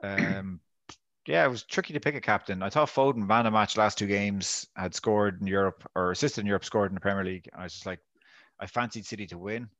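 A man's voice: on the low side, fairly quick, fairly bright tone, dry recording. A man co-hosting a casual podcast, wry and self-mocking as he talks through his week. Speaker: podcast co-host.

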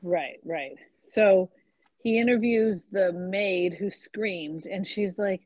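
A young adult woman co-hosting a casual book chat, agreeable and quick to laugh. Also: medium pitch, no room sound, poor audio. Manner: animated, agreeable, laughs easily. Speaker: podcast co-host.

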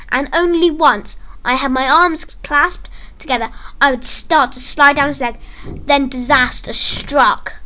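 A woman reading a first-person story aloud in an earnest, expressive way. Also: sits high. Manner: earnest, expressive read-aloud with acted quotes.

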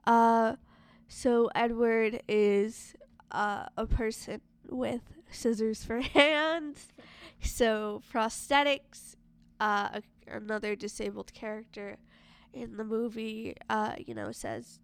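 A woman's voice: fairly high pitch, steady tone, takes it slowly, clean tone. A young woman casually discussing a movie, chatty and full of filler words.

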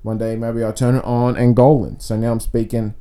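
Rambling deadpan podcast host. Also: male voice, mid-range voice, brisk, clear, resonant tone. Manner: deadpan, rambling, self-mocking. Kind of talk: rambling solo comedy podcast. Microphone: podcast mic.

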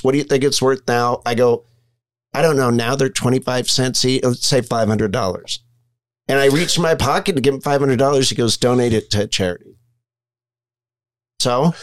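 A middle-aged man speaks frankly in a conversational, storytelling way, at a middling pitch for a man. He is talking through his recovery as a podcast guest. The sound is dry and close, with no room around it. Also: dry recording. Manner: frank, conversational storyteller acting out quoted dialogue. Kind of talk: candid storytelling interview.

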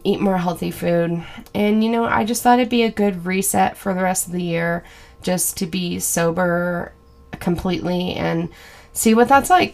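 A woman talks through her own podcast in a candid, conversational monologue, full of fillers and small restarts. Her voice sits on the low side and carries a steady gravelly fry. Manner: slow and deliberate when reciting affirmations. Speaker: podcast host.

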